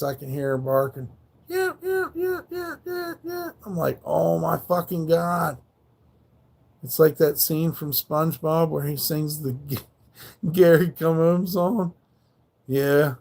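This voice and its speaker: A man's voice: a little high, vocal fry, darkish tone. A man hosting a livestream, telling a rambling, profane story in casual slangy speech. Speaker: livestream host.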